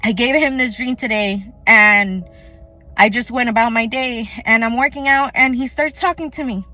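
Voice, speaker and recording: A woman's voice: a little high, moderate pace, sharp tone, faint music behind. Earnest woman telling a testimony. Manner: earnest, chatty, full of "like" and quoted dialogue. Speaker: faith vlogger. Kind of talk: personal testimony storytelling.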